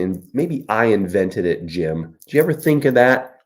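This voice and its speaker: A man's voice: on the low side, sing-song, moderate pace, few pauses. A man, an author, hosting a casual livestream chat, joking and laughing often.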